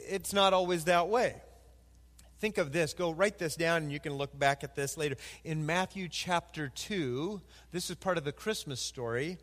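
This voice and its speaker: A man preaching a sermon as pastor, animated and acting out quoted voices. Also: high-pitched, in a large hall.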